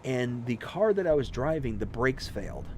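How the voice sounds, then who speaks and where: A man's voice: mid-range voice, sing-song, normal speed, noisy background. A man hosting a live stream of a farming game, chatting casually with viewers and telling a long personal story in a rambling way with many restarts. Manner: reads out and thanks viewers' chat messages.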